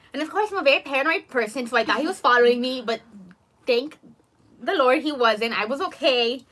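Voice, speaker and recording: Young female vlogger, chatty and animated, brisk bright tone, lots of fillers. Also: sits high. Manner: animated, many "like" fillers, acts out quotes. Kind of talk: casual storytelling over lunch.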